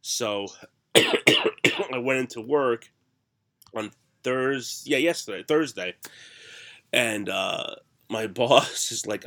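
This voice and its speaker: A middle-aged man whose voice is hoarse and raspy after the flu, with a cough breaking through. His tone is bright and forward, and he rambles through self-mocking stories in a relaxed chat. He sounds like a co-host talking freely. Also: mid-range voice, slow pace. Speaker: podcast co-host. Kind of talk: casual chat.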